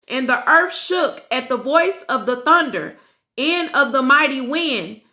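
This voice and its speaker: A woman's voice: high-pitched, pushed and bright. A woman reading scripture aloud in an earnest, emotional way, breaking off for casual asides to her listeners. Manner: earnest and emotional, pauses to react. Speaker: scripture reader and host. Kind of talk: reading aloud with personal commentary. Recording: roomy echo.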